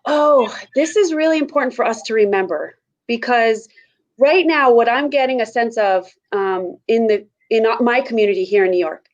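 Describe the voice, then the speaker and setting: Woman, mother, slightly high voice, earnest, thinking aloud, dull muffled recording. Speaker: panel guest. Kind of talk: casual reflective chat.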